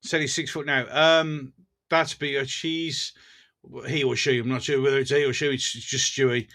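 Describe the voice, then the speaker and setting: This man, a Black Country livestream host, talks at a moderate pace in a mid-range, slightly bright voice with a flat delivery. He reads viewer comments in a relaxed live chat, often cracking jokes and laughing.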